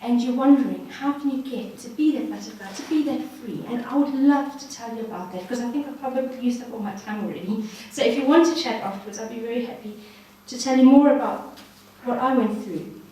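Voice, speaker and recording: Woman telling her story at a ladies' night, highish voice, echoey hall, mic kinda far. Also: a little fast, few pauses, mellow. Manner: earnest, encouraging, addresses audience directly. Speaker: guest speaker. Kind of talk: personal testimony talk. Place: hall at a ladies' social evening.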